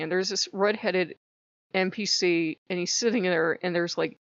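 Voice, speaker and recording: A woman casually telling a story to camera, animated and laughing, acting out the voices she quotes. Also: lowish voice, moderate pace, no room sound. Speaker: spiritual vlogger. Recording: slightly dull dry lo-fi recording.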